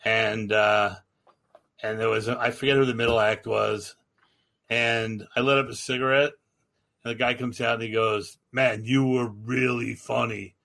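A man, a stand-up comedian and podcast host, telling animated anecdotes in casual chat. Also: on the low side, moderate pace, vocal fry.

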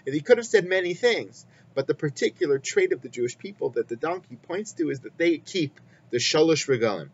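A man giving a weekly Torah lesson in a measured, explanatory way, weaving in Hebrew quotations. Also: on the high side, animated. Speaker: Torah teacher. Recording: slightly muffled with faint hum.

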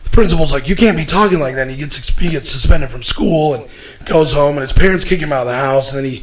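Chatty male host, slightly high voice. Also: quick pace, rough recording. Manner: meandering storyteller with many fillers. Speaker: show host. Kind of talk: casual chat.

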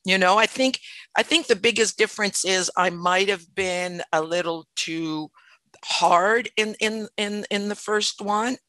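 A woman's voice: mid-range voice, measured pace, pushed and bright, no echo. A middle-aged woman from French Canada, an actor telling her career story as a podcast guest, thoughtful and often restarting her sentences. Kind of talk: casual interview storytelling.

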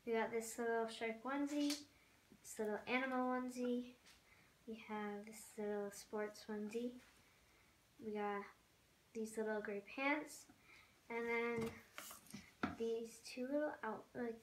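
A young woman vlogger chatting casually as she unboxes, gushing and excitable with lots of fillers. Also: fairly high pitch, a little slow, pauses often. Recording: echoey room with background noise.

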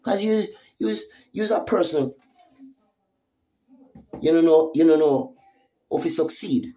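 A woman's voice: deep voice, lively intonation, slow, warm tone. A woman with a Jamaican accent giving a heated, profane vlog rant, confronting someone with repeated taunting questions. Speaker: social media commentator.

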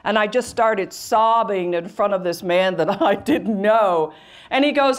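A woman's voice: mid-range voice, measured pace. A middle-aged woman from rural Missouri giving a motivational talk to students, telling her story with animation and voicing the people in it. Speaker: guest speaker. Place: college event with audience.

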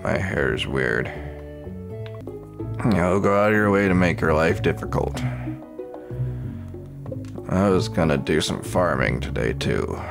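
A man's voice: extremely low pitch, animated, measured pace, creaky, pauses often. A man making casual, mumbling asides while playing a video game, with game music behind. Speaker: let's play host.

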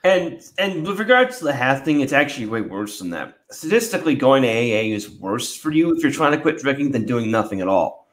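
A man's voice: medium pitch, very animated, a little fast, fairly bright tone. Dry, matter-of-fact male podcast co-host. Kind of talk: casual podcast chat.

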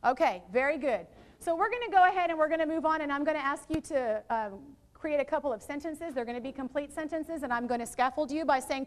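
A woman presenting a literacy workshop to teachers, lively and quizzing her live audience with questions. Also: high-pitched, quick pace. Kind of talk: interactive teacher training workshop. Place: training room with live audience.

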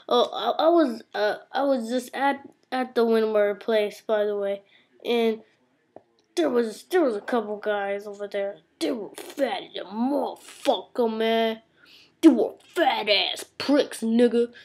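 A woman ranting to a webcam in a room, boastful and rambling, cursing constantly as she tells tall stories. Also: on the high side. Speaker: vlogger. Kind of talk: comic profane rant to camera. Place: indoor room.

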